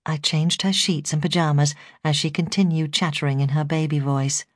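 Low-voiced woman reading a memoir. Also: fairly even intonation, normal speed, dry recording, studio quality. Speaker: audiobook narrator. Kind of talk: first-person memoir reading.

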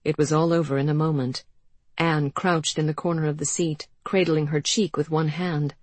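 A woman reading an audiobook in an even, measured storytelling manner. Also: sits low, no room sound. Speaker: audiobook narrator. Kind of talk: scripted narration.

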